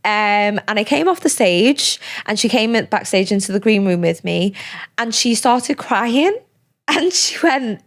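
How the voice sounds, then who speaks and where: A young woman, a podcast guest talking casually and animatedly, with quick asides and lots of fillers. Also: mid-range voice, lively intonation. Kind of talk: casual conversational interview.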